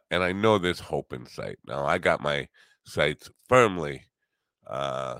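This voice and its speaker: A man's voice: a bass voice, a bit bright, no echo. A middle-aged man hosting a solo morning chat show, rambling with wry, teasing humor. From US Northeast. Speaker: podcast host.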